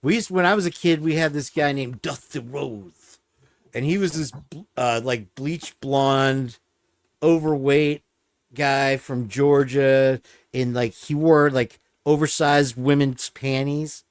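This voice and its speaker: A man's voice: mid-range voice, slow pace, no room sound. A man hosting a livestream in casual chat, rambling and joking about himself. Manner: rambling, joking, self-deprecating. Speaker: stream host.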